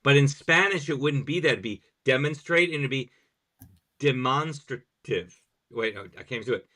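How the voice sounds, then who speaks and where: A man's voice: medium pitch, normal speed, sharp tone. Man, podcast host, language teacher, explanatory, step-by-step examples, conversational.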